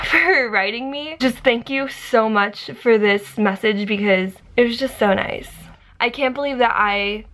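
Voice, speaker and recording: A woman's voice: fairly high pitch, a bit bright. A young woman in her twenties talking casually to camera in her vlog, emotional and gushing, laughing between thanks. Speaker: vlogger.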